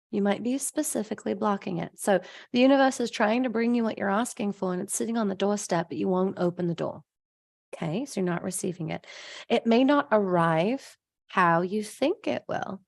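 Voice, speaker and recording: A woman's voice: mid-range voice, no room sound. A woman hosting a live stream, chatting with viewers as she answers their comments, laughing often and acting out voices in her stories. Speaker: host of a live stream, abundance coach.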